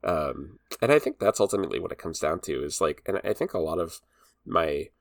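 A man's voice: low-pitched, animated, a little fast, vocal fry, dry recording, clean studio sound. A man co-hosting a casual movie review chat, rambling with many restarts and easy laughter.

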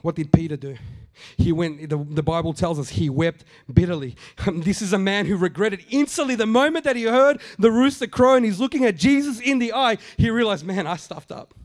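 A man's voice: high voice, brisk, few pauses. A middle-aged man preaching a conversational sermon, repeating phrases for emphasis and acting out the quotes he tells. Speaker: pastor.

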